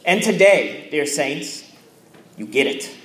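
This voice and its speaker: Pastor, male, high-pitched, slow deliberate sermon delivery in a roomy church. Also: sing-song, a little hiss or hum. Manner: measured preaching with repeated phrases and pauses.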